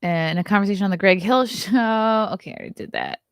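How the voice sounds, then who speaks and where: A woman's voice: medium pitch, big pitch swings, fast, clear, resonant tone, no room sound, studio quality. Chatty woman hosting a livestream. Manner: chatty, reads headlines aloud with sarcastic asides. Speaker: host of a morning livestream show. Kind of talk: casual livestream commentary.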